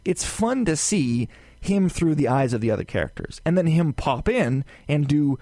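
A man co-hosting a casual gaming podcast, talking in a rambling, animated way with lots of fillers and asides. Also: fairly high pitch, normal speed, no room sound. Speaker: podcast co-host.

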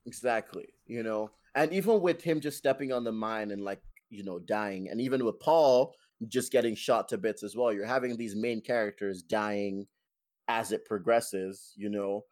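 Low-voiced rambling man. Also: moderate pace, darkish tone, no room sound. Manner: rambling, many fillers and restarts. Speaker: podcast host. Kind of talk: casual film review chat.

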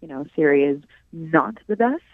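A Canadian singer-songwriter in her thirties chats through a casual interview, giggling and hesitating with lots of ums and little laughs. Her deep, animated voice moves at a moderate pace. The recording is dry and narrow like a phone, with no room sound.

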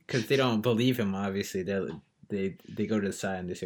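A man's voice: lowish voice, a little fast, fairly bright tone. A man chatting casually as a podcast co-host, rambling with many fillers and restarts as he retells scenes. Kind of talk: casual film review chat.

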